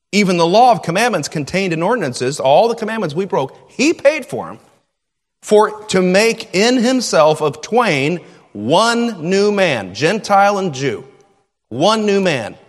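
A middle-aged man preaches in a church sanctuary, his voice swinging widely up and down and sitting a little high for a man. He drives his points home by repeating short phrases, and a long hall reverb trails after him. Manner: animated preaching, repeats key phrases for emphasis. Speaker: pastor. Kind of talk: sermon.

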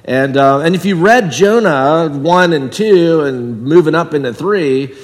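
Animated preaching man in a reverberant church. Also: measured pace. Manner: conversational with wide swings in pitch and volume. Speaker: pastor. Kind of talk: sermon. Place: church sanctuary.

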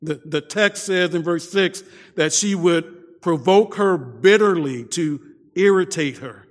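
Slow, high-voiced male preacher. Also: big-room sound. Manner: repeats words at starts, soft dramatic drops. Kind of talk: sermon.

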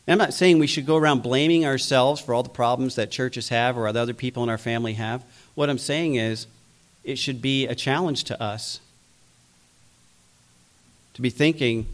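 A man's voice: medium pitch, moderate pace. A man preaching a sermon, acting out biblical figures' voices as he goes. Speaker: pastor.

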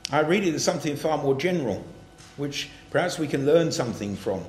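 A man's voice: on the high side, expressive, a little fast, darkish tone, reverberant. A man preaching a sermon to his congregation, earnest and building to emphatic passages as he reads and explains scripture. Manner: earnest, rising to emphatic, reads scripture in King James wording.

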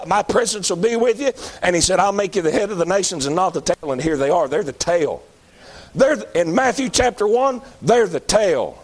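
A man with a high, tenor-ish voice preaches. His delivery is folksy and conversational, rising into emphatic, repeated declarations. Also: expressive, a little fast, slightly rough. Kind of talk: sermon.

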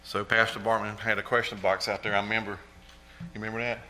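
A man's voice: fairly low pitch, flat delivery, fast talker, sharp tone, rough recording. A middle-aged man giving an earnest testimony in church, repeating praise often. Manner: earnest, repetitive, exclaims praise. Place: church sanctuary.

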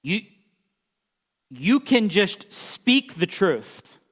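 Slow-preaching man in a reverberant hall. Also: high-pitched, big pitch swings, breathy edge. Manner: emphatic, rising and falling in loudness, reads scripture aloud. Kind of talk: sermon.

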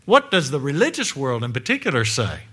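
A male preacher delivering a sermon to a congregation in a church room, emphatic, with many rhetorical questions, swinging between loud and hushed. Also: mid-range voice, wildly swooping pitch, brisk, slightly rough.

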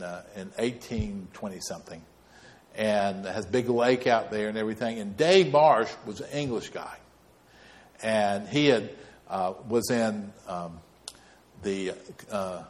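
Folksy preacher. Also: male voice, medium pitch. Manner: folksy, rambling storyteller with asides. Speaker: pastor. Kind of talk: sermon.

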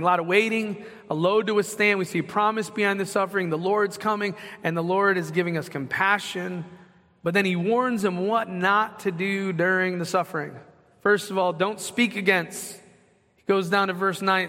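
A man's voice: a little high, fairly bright tone. A middle-aged man, a pastor, preaching a sermon in a conversational way and putting questions to the congregation. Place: church sanctuary. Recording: long hall reverb.

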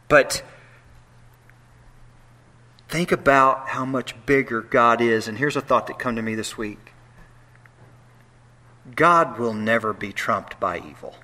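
A man preaching a sermon, moving between hushed, quiet lines and loud, animated bursts, with playful asides to the congregation. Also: medium pitch. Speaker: pastor.

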